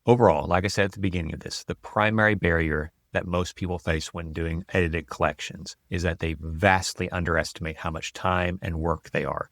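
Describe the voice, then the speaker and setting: A man with a very deep voice hosts his podcast, talking in an earnest, advisory way. He sounds worn out, his voice almost gone. The sound is close and dry, with no room around it. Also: fairly bright tone, dry recording. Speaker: podcast host and writing coach. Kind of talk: solo podcast talk.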